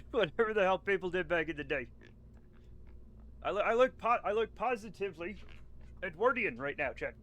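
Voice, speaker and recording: A man's voice: high voice, expressive, normal speed, pauses often, a bit bright, dull audio. A young adult man streaming a game, chatting casually and rambling through jokey stories. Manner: rambling, joking storyteller. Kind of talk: casual chat.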